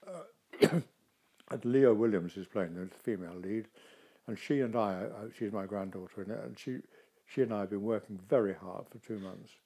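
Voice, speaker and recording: A man's voice: lowish voice, normal speed, breathy edge. An older man, an actor, talking in a casual interview and telling stories expressively. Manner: expressive, animated storytelling.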